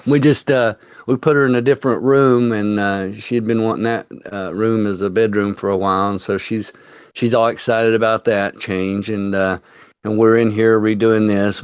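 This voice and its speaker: A man with a fairly low voice hosts a relaxed conversation from his home. The sound is dry and close. He rambles and leans on fillers, laughing easily between thoughts. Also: smooth, dry recording. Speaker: host. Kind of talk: casual chat. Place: home under renovation.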